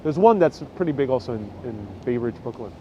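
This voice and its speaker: A man's voice: medium pitch, lively intonation, a little fast, highs cut off, background noise. A man hosting a live walking tour stream, chatting in a rambling way and reading out viewer comments as he walks. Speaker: host. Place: outdoors on a city street. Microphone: wireless lapel mic.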